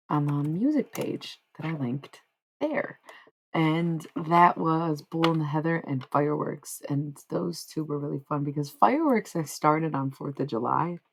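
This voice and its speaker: A woman's voice: sits low, vocal fry, a little hiss or hum. A woman livestreaming, chatting casually to her viewers in a rambling, slangy, frank way. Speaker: livestreamer and singer.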